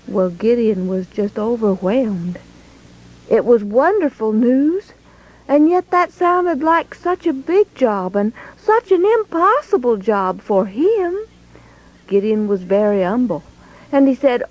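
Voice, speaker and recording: A woman telling a Bible story in an expressive, folksy way. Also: a little high, slow, muffled recording.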